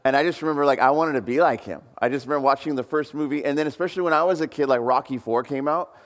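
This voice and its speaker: A man's voice: mid-range voice, rapid-fire, big-room sound. A male pastor from the United States preaching a sermon in a conversational way, putting questions to the congregation. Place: church hall.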